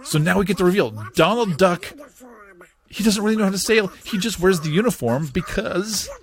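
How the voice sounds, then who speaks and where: A man hosting a podcast, giving excitable, giggly play-by-play commentary on a cartoon as he watches it. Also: high-pitched, normal speed. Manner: giggly, excitable narration of on-screen action. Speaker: podcast host.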